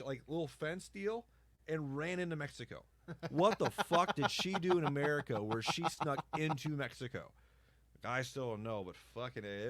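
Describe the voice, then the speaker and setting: A man's voice: medium pitch, dry recording. Profane, laughing man telling stories. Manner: profane, animated storyteller who laughs often. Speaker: podcast host. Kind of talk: casual storytelling chat.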